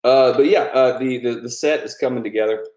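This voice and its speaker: A man's voice: medium pitch, a little fast, darkish tone. Loose, profane man in an echoey room. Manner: loose, profane and rambling, laughing often. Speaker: YouTube creator thanking patrons. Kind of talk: casual live chat with supporters.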